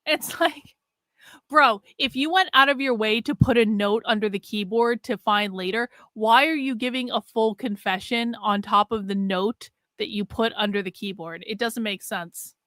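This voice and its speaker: A woman's voice: fairly high pitch, moderate pace, a bit bright, no room sound, clean studio sound. A woman co-host in casual commentary, emphatic and exasperated, swearing and filling with "like".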